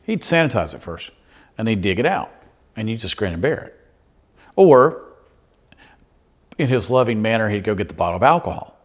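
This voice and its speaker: Man, middle-aged, pastor, low voice, self-mocking storytelling sermon, conversational. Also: very animated, moderate pace, pauses often.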